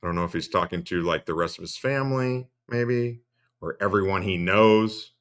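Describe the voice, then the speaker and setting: A man's voice: deep voice, normal speed, fairly bright tone. A man hosting a stream, giving profane, sarcastic commentary and laughing often. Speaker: streamer host. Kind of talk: casual mocking commentary.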